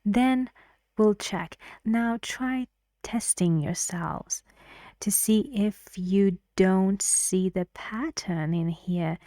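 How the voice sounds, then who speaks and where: Female pronunciation teacher, very slow and patient, dry close mic. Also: mid-range voice, dark tone, no echo. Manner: slow, patient, often drops to a whisper; chants stress patterns in syllables. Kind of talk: online lesson with drills.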